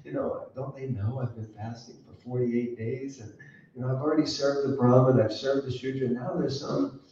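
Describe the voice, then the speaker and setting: A man playing an exasperated fasting king who wants visitors gone, in a mock-indignant, chatty tone, recorded dull and echoey from a distant mic. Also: medium pitch, steady tone, dark tone, slight background noise, natural voice.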